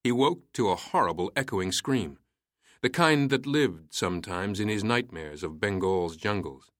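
A man reading a story aloud in a measured, steady way. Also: fairly low pitch, no echo, clean studio sound. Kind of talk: storytelling narration.

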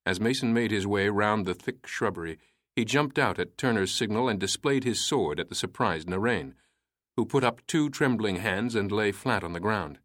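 A man reading a story aloud in a measured, steady way. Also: fairly low pitch, dry recording, studio quality. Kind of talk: storytelling narration.

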